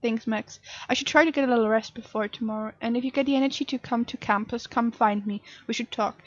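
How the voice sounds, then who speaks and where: A woman's voice: a little high, steady tone, fast talker, muffled recording, close to an everyday voice. A woman reading out the texts of an anxious, grieving young man, in a voice close to her own. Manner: reading text messages aloud.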